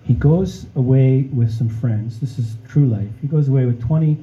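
A man's voice: mid-range voice, moderate pace, mellow, dull audio. A man preaching a sermon in a conversational way, often checking in with "okay?" and addressing the congregation as friends. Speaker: pastor.

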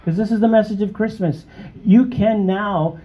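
A man's voice: steady tone, moderate pace. Earnest male preacher, muffled recording. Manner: emphatic, rising to high exclamations; conversational, with frequent check-ins to the congregation. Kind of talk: sermon.

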